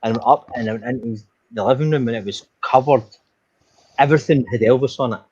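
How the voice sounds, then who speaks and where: A man's voice: mid-range voice, fast, a little mellow, husky. An Irish man rambling through a story in casual chat, swearing freely. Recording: dull lo-fi sound.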